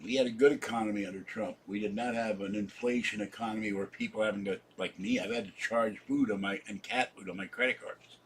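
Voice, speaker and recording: A man's voice: on the low side, steady tone, a little fast, few pauses, a little hiss or hum. A man in his seventies, drowsy and rambling as he chats casually to viewers on his live stream. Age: 70s. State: sleepy. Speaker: channel host.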